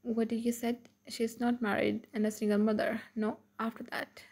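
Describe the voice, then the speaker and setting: A woman's voice: on the high side, flat delivery, moderate pace, gravelly, darkish tone, breathy edge. A woman voicing a young man who has just learned he has a daughter, urgent and pleading in a read-aloud fan story. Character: young man, anxious new father.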